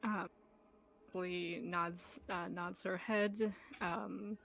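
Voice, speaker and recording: A woman's voice: lowish voice, steady tone, extremely slow, creaky, a bit bright, a little hiss or hum. A woman playing a tabletop role-playing game, hesitant and giggly, describing what her character does. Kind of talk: casual tabletop play.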